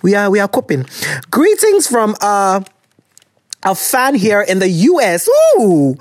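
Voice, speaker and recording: A man from Ghana with a Ghanaian accent, hosting a podcast and reading out listener letters in casual, animated chat that slips into Twi. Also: high-pitched, normal speed, dry recording, studio quality. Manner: animated, switches into Twi, laughs often.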